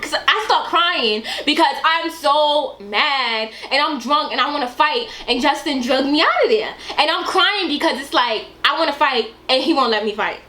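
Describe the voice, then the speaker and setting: Young woman, storytime host: high, bright, jumpy delivery, loud acted quotes, echoey room. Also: moderate pace, hardly any pauses. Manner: animated, swearing, acts out quotes loudly. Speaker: channel host. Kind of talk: casual storytime chat.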